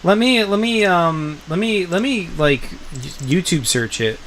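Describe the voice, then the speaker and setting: A man with a slightly high voice hosts a casual live stream, rambling, restarting and filling gaps with ums. A faint hum runs behind him. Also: expressive, a little slow, a bit bright. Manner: rambling, filler-heavy, enthusiastic. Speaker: streamer host.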